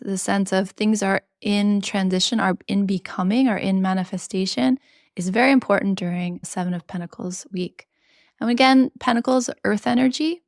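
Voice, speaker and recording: A woman with a medium-pitched voice hosts a tarot podcast, reading tarot in a casual spiritual monologue. She's earnest and chatty with slangy asides, in studio-quality audio with no echo.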